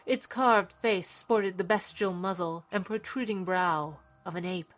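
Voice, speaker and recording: A woman's voice: fairly low pitch, measured pace. A woman narrating a story in a dramatic, scripted reading style.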